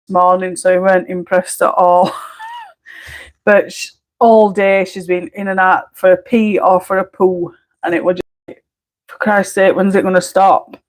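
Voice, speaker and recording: A woman from Barnsley with a Barnsley Yorkshire accent, chatting casually on a colouring live stream at home, blunt and quick to laugh, with mild swearing. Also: medium pitch, poor audio. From Barnsley, England. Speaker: colouring livestreamer.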